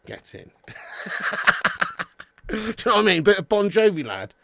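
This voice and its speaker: Casual male stream host, slightly high, dry close mic, matey banter with viewers. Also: big pitch swings, normal speed, gravelly, a bit bright, dry recording. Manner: chatty, banters with chat, calls viewers mate and lad. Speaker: football watch-along host. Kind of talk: casual live-stream chat.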